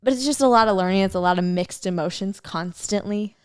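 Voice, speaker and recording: A woman's voice: medium pitch, a little fast, clean tone, no echo, studio quality. A young woman hosting a podcast, chatting casually and upbeat about dating and being single. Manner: upbeat, animated storytelling. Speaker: podcast host. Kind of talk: casual chat.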